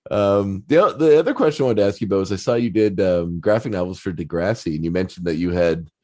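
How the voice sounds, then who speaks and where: Deep-voiced male host, dry sound. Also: warm tone, dry recording. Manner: halting, repeats words while forming questions. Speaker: podcast host. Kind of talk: casual interview chat.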